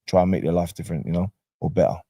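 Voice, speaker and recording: Casting: South London man, very low mellow voice, dry close sound, chatty storyteller. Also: rapid-fire, gravelly, husky, dry recording. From Brixton, South London. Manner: chatty storyteller, relaxed street slang. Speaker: guest, docuseries cast member. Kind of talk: casual interview talk.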